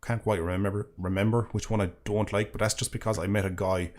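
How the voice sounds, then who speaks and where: A man's voice: fairly low pitch, flat delivery, fast, darkish tone. A man with a rambling, sweary, sarcastic manner, casually chatting while reading super chats on a live stream.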